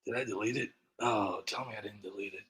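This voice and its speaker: A man hosting a comedy channel, ranting in sarcastic commentary with stammering restarts and sudden shouted outbursts. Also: fairly low pitch, steady tone, quick pace.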